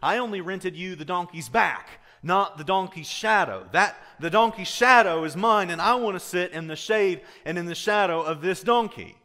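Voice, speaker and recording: A man's voice: sits high, moderate pace, few pauses, sharp tone, long reverb tail, voice pushed up. A man voicing an ancient donkey owner who insists, in a raised and heated voice, that the shadow is his. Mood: indignant.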